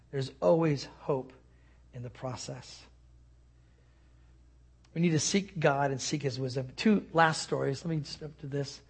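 A male pastor giving a sermon, telling stories earnestly and often dropping to a soft hush. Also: mid-range voice, fairly even intonation, measured pace, husky.

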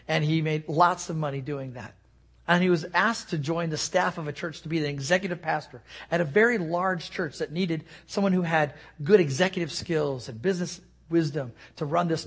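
A male pastor giving a sermon, telling stories earnestly and often dropping to a soft hush. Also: a little high, normal speed, husky.

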